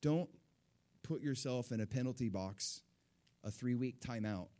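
A man preaching to a congregation in a middle-pitched voice. He tells personal stories with animated energy, swinging from quiet reflection to excited, high-pitched exclamations. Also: measured pace. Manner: animated storytelling, leaps to high excited pitch when retelling joy. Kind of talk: sermon.

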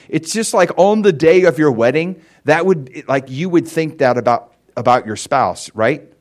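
An American pastor preaches a casual teaching sermon, speaking loosely with many fillers like "like" and "you know" and asking whether things make sense to check listeners follow. His voice is on the high side with lively intonation, normal speed, and few pauses.

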